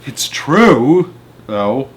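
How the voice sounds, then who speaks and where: A man's voice: mid-range voice, big pitch swings, very slow. A man voicing a cheeky, overconfident young schoolboy in a storybook reading. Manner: cheeky, eager.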